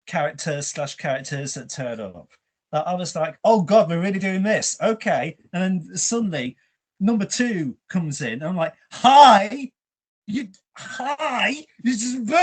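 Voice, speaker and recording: A man in casual review chat, excitedly retelling his own reactions and acting them out. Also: a little high. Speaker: podcast co-host.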